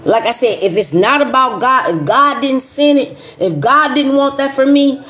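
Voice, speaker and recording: A middle-aged woman host, talking in a casual, emphatic way, repeating phrases and dropping into low asides. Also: normal speed, few pauses, fairly bright tone, soft background music. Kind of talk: casual chat.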